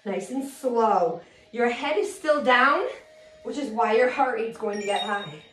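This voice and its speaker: A woman fitness instructor coaching a low-impact cardio workout, energetic and a little out of breath as she counts reps and cheers people on. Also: a little slow. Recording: echoey room with music.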